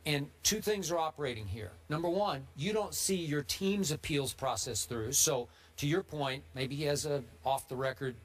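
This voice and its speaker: A man hosting a sports debate show, building his argument point by point in a lively, pressing way. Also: on the high side, moderate pace, hardly any pauses.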